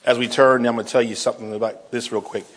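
A man preaching a sermon, folksy, calling the congregation y'all, swinging from soft asides to shouted emphasis. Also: mid-range voice, little pitch movement, fast. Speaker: pastor.

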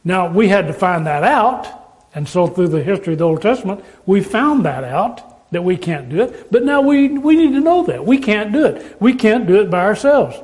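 A man preaching a sermon, emphatic and repetitive, with pauses and restarts. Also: sits high, very animated, darkish tone.

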